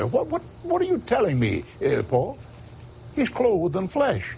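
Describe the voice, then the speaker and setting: A man's voice: fairly high pitch, huge pitch swings, measured pace, vocal fry, darkish tone, a little hiss or hum. A man preaching a sermon, quoting scripture by chapter and verse and asking his listeners questions.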